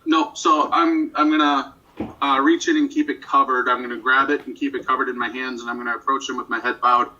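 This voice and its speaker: A man's voice: medium pitch, level tone, brisk, bright, forceful tone, far from the mic, dull audio. A man playing a tabletop game over a call, describing his actions with some hesitation. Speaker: player. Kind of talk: casual tabletop game play.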